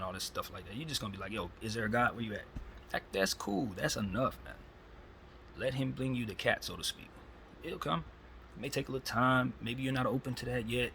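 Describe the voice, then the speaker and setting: Male host, gravelly voice, rambling slangy spiritual talk, phone recording with light background hiss. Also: on the low side. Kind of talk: spiritual monologue.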